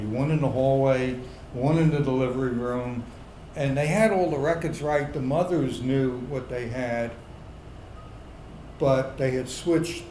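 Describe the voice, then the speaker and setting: A middle-aged man telling a comic personal story on a pub stage to a live audience, building to loud indignant outbursts. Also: medium pitch, roomy sound, slight background noise, low-quality recording.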